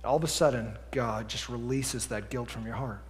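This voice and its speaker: A man preaching a sermon as pastor, lively and conversational, swinging between quiet asides and loud emphatic bursts. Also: mid-range voice, normal speed, long reverb tail, slight background noise. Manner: animated preaching, drops to a quiet voice for acted asides then climbs loud. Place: church sanctuary.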